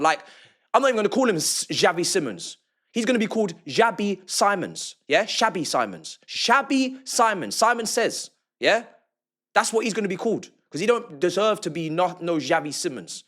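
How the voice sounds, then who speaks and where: A young man hosting an excited post-match football reaction vlog, talking emphatically with slangy banter and repeated phrases. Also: sits high. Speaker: football fan reaction host.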